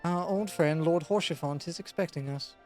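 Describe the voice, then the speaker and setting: A man's voice: on the high side, normal speed, soft background music, pitched above the performer's own voice, natural voice. A man voicing a pompous young male noble scholar in a nasal voice, reading game dialogue aloud with lofty, formal phrasing.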